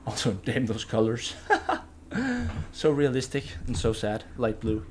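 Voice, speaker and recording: A man giving casual gameplay commentary as a channel host, thinking aloud, getting excited and swearing now and then. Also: on the low side, unhurried, a little hiss or hum.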